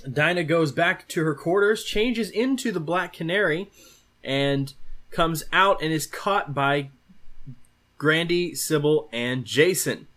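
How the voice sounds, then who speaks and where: A man's voice: fairly high pitch, slow, fairly bright tone. Man casually recapping a comic book. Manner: loose retelling with fillers and restarts. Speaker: podcast host.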